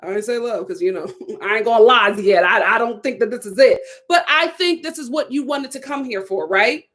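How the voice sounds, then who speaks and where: A woman's voice: fairly high pitch, fairly quick, slight background noise. A woman, casually and expressively reviewing a reality TV episode. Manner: animated, expressive, breaks into laughter and quoted voices.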